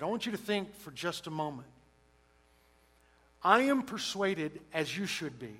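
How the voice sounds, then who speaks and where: Male preacher, fairly high-pitched, emphatic, loud-to-soft dynamics. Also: poor audio. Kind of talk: sermon.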